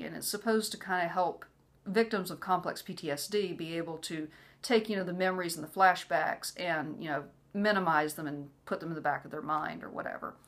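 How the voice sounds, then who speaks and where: A woman telling a personal story in a casual way, with many "you know" fillers, sometimes acting out what others said. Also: on the low side. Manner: frequent "you know" fillers, acts out quoted voices. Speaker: vlogger sharing personal story.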